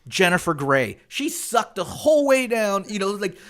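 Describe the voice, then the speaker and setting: A man's voice: high voice, sing-song, normal speed, a bit bright. A man co-hosting a podcast in casual chat, ranting with profane, mocking humor. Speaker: podcast co-host.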